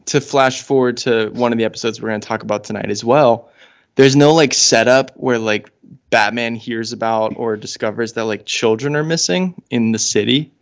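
A man co-hosting a podcast in relaxed, unscripted conversation. He rambles wryly, padding his thoughts with ums and likes. His voice sits at a middle pitch. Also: normal speed. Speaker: podcast co-host. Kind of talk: casual podcast chat.

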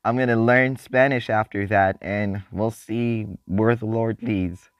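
A man hosting a casual faith podcast, talking excitedly with loose restarts. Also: lowish voice, unhurried, dry recording, dull audio. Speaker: podcast host.

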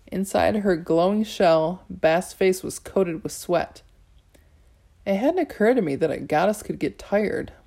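A woman narrating a novel in the first person, measured, with small restarts. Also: on the low side, creaky, darkish tone. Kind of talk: audiobook narration.

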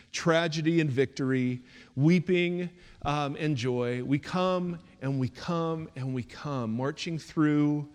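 A pastor preaches with a rambling, filler-laden delivery that builds into a rhythmic preaching cadence. A long hall reverb surrounds his mid-pitched voice, as heard in a church sanctuary. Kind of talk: sermon.

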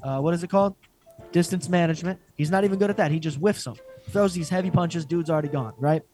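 A man's voice: a little high, fast talker, faint music behind. A man co-hosting a podcast, ranting and joking in casual chat with lots of swearing. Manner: profane, joking, excitable rants. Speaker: podcast co-host.

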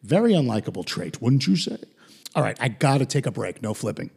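A man hosting a podcast, recapping a TV episode in an animated way. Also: mid-range voice, a little fast, creaky, slightly rough. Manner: animated retelling with put-on quote voices. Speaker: podcast host.

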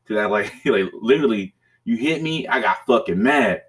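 A man's voice: fairly low pitch, expressive, moderate pace, fairly bright tone. Profane rambling man telling stories. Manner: profane, rambling, with laughs and restarts. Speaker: podcast host. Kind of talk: casual storytelling chat.

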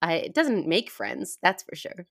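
Giggly woman, low voice. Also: measured pace, gravelly. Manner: giggly, animated, self-deprecating. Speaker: podcast guest. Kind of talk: casual conversation.

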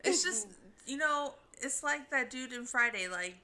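Playful, bright young woman. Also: high voice, animated, unhurried. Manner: playful, defensive joking. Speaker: podcast co-host. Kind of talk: casual chat.

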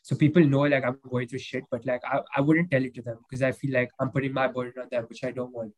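A man's voice: medium pitch, level tone, fast, rough recording. Rambling young man, full of fillers. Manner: rambling, heavy with fillers and restarts. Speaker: podcast guest. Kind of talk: casual emotional chat.

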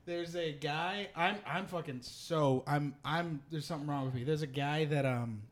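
A man hosting a podcast, telling stories in casual, profane, animated chat. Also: a little high, normal speed. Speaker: podcast host.

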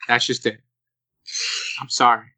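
A young man co-hosting a casual podcast, his voice bright and forward, recorded dry and close. He tells stories lively, jumping into quoted asides as he goes. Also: medium pitch, a little slow, no echo, low-quality recording. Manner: animated storyteller who slips into quoted voices. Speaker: podcast co-host.

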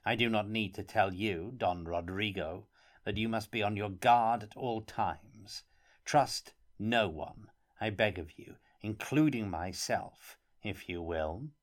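Man reading a gruff, suspicious court minister. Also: fairly low pitch, slow pace. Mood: stern. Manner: gruff, ungracious, stern. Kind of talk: audiobook character reading.

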